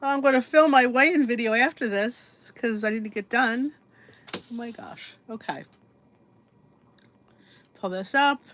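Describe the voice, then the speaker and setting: A woman's voice: on the high side, a little slow, long pauses, a bit bright, slight background noise. A woman hosting a casual livestream podcast, chatty and a bit scattered, talking to herself while she sets up. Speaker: podcast host.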